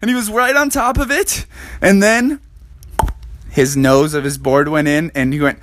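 A man telling an improvised bedtime story in an animated, rambling way. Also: a little high, normal speed, heavy background noise.

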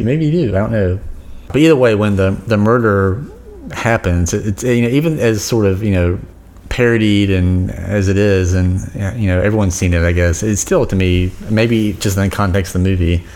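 A man co-hosting a podcast, chatting casually about a film, relaxed and hesitant with many fillers and restarts. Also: on the low side, a little fast. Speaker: podcast co-host. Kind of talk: casual movie chat.

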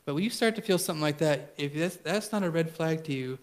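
A man's voice: fairly high pitch, quick pace. A middle-aged man preaching a sermon as pastor, blunt and conversational, telling stories with emphatic repetition.

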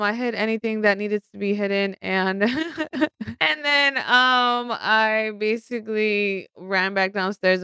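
A young woman telling a story in a casual vlog, animated and rambling, laughing often and swearing freely. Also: lowish voice, clean tone, dry recording.

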